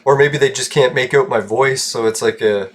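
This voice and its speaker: A man's voice: medium pitch, normal speed. Young male streamer, mumbly, rambling, chuckling at his own jokes. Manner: rambling, chuckles often, self-mocking asides. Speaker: gaming streamer. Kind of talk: casual rambling chat while gaming. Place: home room with painted walls.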